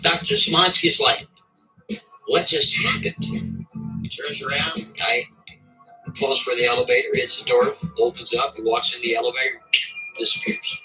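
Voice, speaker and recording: A man telling a story casually and with animation, often checking in with the listener with a quick "right?". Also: mid-range voice, sharp tone, faint music behind, low-quality recording.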